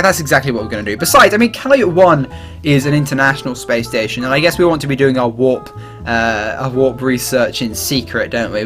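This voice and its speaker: A man's voice: mid-range voice, fairly bright tone. A young Englishman with an accent between the Midlands and the South, rambling and joking through gameplay commentary. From England. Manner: rambling, jokey, often laughing. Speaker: gaming YouTuber. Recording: faint music underneath.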